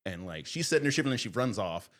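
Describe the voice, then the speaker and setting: A man guest on a podcast, telling a story in a casual, animated way and laughing as he goes. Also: lowish voice, rapid-fire, noisy background.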